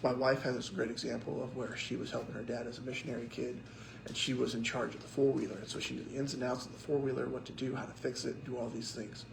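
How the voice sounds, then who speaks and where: A young man, a pastor, telling lively stories in a casual sermon and acting out what people said. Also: mid-range voice, quick pace, vocal fry, echoey room, background noise. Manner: animated storyteller acting out quotes.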